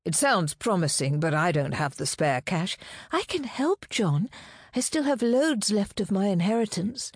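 A woman reading an audiobook, voicing a naive young woman who murmurs softly and squeaks when she is indignant. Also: sing-song, unhurried, no echo, clean studio sound. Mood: sweet, eager.

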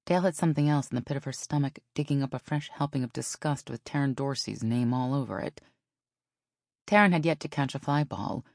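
A woman narrating a novel in an even storytelling manner. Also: rumbling low, fairly quick, dry recording, clean studio sound. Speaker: audiobook narrator. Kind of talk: scripted narration.

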